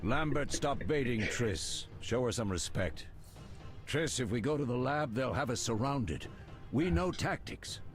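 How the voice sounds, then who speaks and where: An actor voicing a stern, commanding old male witcher mentor in a video game, giving gruff orders. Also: medium pitch, expressive, measured pace, music in the background, natural voice.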